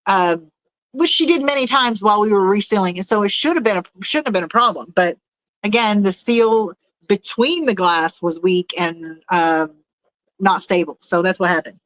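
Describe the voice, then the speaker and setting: A woman talking casually on a livestream from her home, wandering from one thought to the next and laughing often. Her voice sits at an ordinary middle pitch. The sound is dry and close, with no room echo. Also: animated, moderate pace, a bit bright. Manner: rambling and chatty, with frequent fillers and laughs. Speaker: livestream host reading chat. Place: at home in a room with fish tanks.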